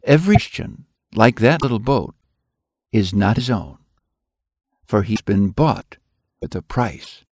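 A man's voice: on the low side, measured pace, long pauses, no echo, clean studio sound. A man reading a Christian story aloud expressively, acting out the characters and ending with a moral. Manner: expressive, acts out voices.

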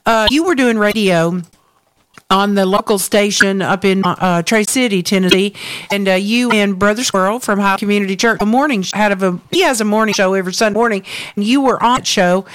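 Woman telling a lively faith story. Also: mid-range voice, a little fast, no room sound. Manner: animated testimony, lively storytelling. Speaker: co-host. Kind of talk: faith talk chat, storytelling.

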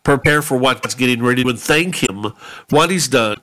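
Quick male host, preachy and encouraging, mid pitch. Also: fairly bright tone. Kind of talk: faith talk show chat.

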